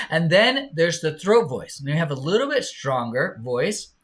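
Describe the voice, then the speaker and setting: Very animated, with a somewhat high, slightly bright voice, a man teaches singing live online. His encouragement comes slowly and drawn-out, and he sings to demonstrate for his students.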